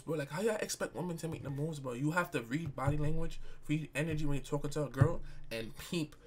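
A man's voice: on the high side, fairly bright tone, slight background noise. A young man streamer telling a story in casual slang, often bursting into laughter. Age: young adult. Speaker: live streamer.

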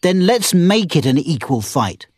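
A man's voice: fairly high pitch, sing-song, measured pace, a little mellow, slightly rough, no room sound, studio quality, pitched above the performer's own voice, heavily acted. A man voicing a proud, tough young swordsman who talks in a blunt, defiant way.

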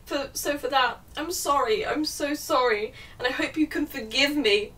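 A woman's voice: on the high side, moderate pace, sharp tone, recorded from a distance. A young woman ranting sarcastically and swearing freely while reviewing a book.

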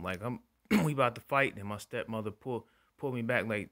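A young man doing profane, animated stand-up storytelling and acting out voices. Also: medium pitch, brisk. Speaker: stand-up comedian.

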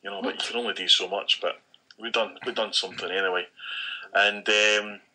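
A Scottish man co-hosting a podcast, casually recounting an event with lively acted-out quotes and frequent swearing. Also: fairly low pitch, fairly quick, poor audio. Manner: animated storyteller acting out quoted dialogue, frequent swearing. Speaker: podcast co-host. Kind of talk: casual chat, storytelling.

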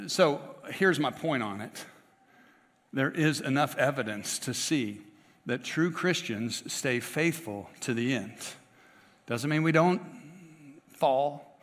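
A man's voice: medium pitch, a bit bright, in a large hall. A man preaching a sermon in a conversational way, often checking in with rhetorical tag questions and adding playful asides. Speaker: pastor. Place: church sanctuary.

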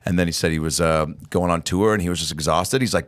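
A man's voice: deep voice, racing, few pauses. A man telling a story in casual chat, acting out the people in it as he goes. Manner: animated, imitates people mid-story.

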